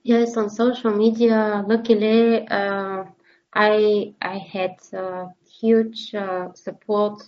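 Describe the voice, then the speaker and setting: Slow, halting woman journalist. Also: medium pitch, little pitch movement, lo-fi sound. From Bulgaria. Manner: halting, many fillers and repeated words. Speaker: journalist, interview guest. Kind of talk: emotional interview testimony.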